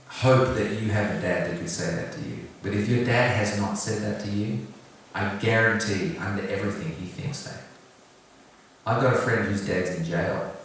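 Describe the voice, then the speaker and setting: A man speaks earnestly to an audience, sharing a personal story with a few light jokes. His voice sits on the low side. The recording is very echoey, taken from some distance, with faint room ambience behind him. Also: a little hiss or hum. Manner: earnest, direct, gently humorous. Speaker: singer-songwriter talking about his song.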